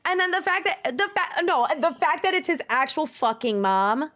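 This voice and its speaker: A woman with a high, very animated, slightly bright voice talks at a moderate pace. In casual livestream chat she reads viewer messages aloud, gushes emphatically, and curses now and then.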